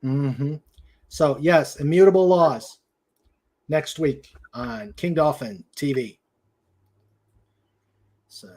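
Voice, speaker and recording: A man's voice: mid-range voice, a little mellow. A man with a New England accent hosting a casual web show, telling jokes and laughing often. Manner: joking, unhurried, laughs often. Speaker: host.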